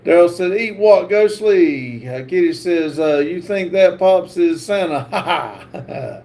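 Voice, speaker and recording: A man hosting a livestream, reading viewer comments aloud with halting pauses and fillers. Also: high-pitched, mellow. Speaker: livestream host.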